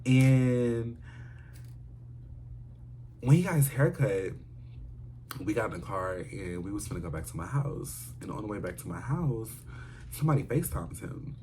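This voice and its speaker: Animated lower-voiced man telling a story. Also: unhurried, long pauses, a little hiss or hum. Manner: animated, dramatic storyteller with slangy asides to viewers. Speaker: vlogger telling a personal story. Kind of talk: casual storytime vlog.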